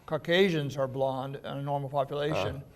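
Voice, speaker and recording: A man's voice: medium pitch, steady tone, brisk, slight background noise. Chatty man explaining a festival. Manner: chatty, explanatory, laughs often. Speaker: festival organizer guest. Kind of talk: casual interview chat.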